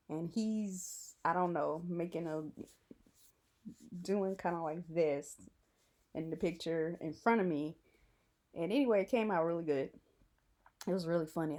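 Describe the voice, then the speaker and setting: Young woman vlogger, low mellow gravelly voice, chatty excited fangirl storytelling. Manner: animated, giggly fangirl retelling with acted quotes. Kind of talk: casual storytelling to camera.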